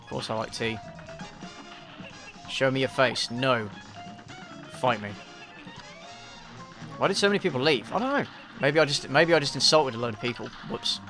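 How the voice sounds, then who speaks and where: A man's voice: mid-range voice, lively intonation, normal speed, long pauses, pushed and bright, soft background music. An English man chatting casually on a live stream, answering viewers in a dry, self-deprecating, offhand way. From England. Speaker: YouTube reviewer streaming a game.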